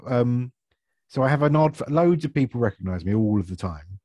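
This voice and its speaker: A man, chatting as an actor guest in a relaxed interview, self-deprecating and laughing often. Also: medium pitch, normal speed, no echo. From Essex, England. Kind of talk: casual interview chat.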